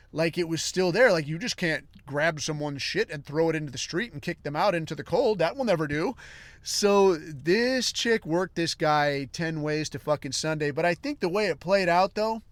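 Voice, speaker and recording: A man hosting a podcast, telling a long comic story in a rambling, crude way with deadpan asides. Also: a little high, no room sound. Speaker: podcast host.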